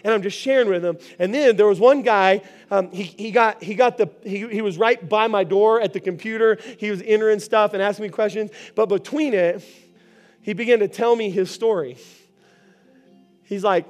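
A male pastor giving a sermon, telling stories in an animated way and often asking the congregation questions. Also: high-pitched, moderate pace, soft background music. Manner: animated storytelling, often asks the crowd.

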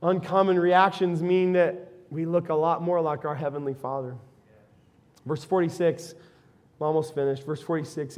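A middle-aged pastor preaches in a church sanctuary, telling homey stories with lively asides. His voice sits notably high for a man. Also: moderate pace, highs cut off. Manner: folksy, storytelling, animated asides. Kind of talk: sermon.

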